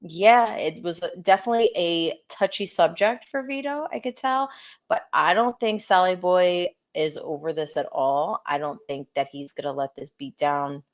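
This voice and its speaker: Lower-voiced animated woman co-host. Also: moderate pace. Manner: animated, laughing, self-deprecating. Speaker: podcast co-host. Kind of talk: casual chat reviewing wrestling.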